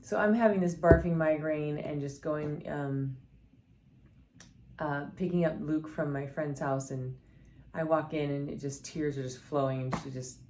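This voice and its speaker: A middle-aged woman with a low voice tells scripture stories mixed with her own life. She speaks earnestly and candidly, often pausing on fillers and starting sentences over. A faint background noise sits under her voice. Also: fairly even intonation, darkish tone. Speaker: scripture storyteller. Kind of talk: personal devotional storytelling.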